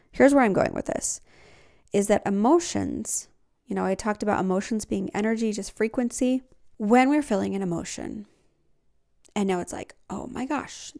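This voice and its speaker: A woman's voice: medium pitch, darkish tone. A woman hosting a podcast, talking earnestly in a casual self-help style and laughing often. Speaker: podcast host.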